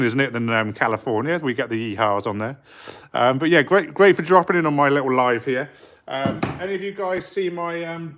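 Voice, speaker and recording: A middle-aged Englishman, a street artist, streams live from his art studio as he works. His medium-pitched voice is a bit bright, and he rambles casually with plenty of ums, eagerly greeting viewers.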